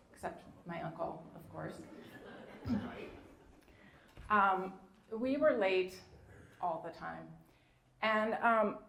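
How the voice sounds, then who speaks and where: A woman in her fifties from New York, telling a personal story live. Her voice sits low, and she talks in a chatty way with plenty of "um"s and "like"s. The sound is echoey, as if from a room with hard walls. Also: vocal fry. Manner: chatty, many "um"s and "like"s.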